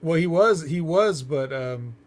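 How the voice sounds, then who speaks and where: A man's voice: on the high side, expressive, unhurried. A man co-hosting a casual podcast, recapping events in a hesitant way full of ums and uhs. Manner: hesitant, filler-heavy recapping. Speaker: co-host.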